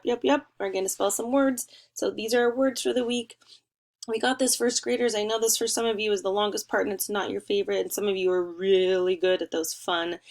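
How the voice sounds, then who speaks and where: A young woman teacher leading a remote spelling lesson for first graders, encouraging and sing-song, stretching words out slowly. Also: mid-range voice.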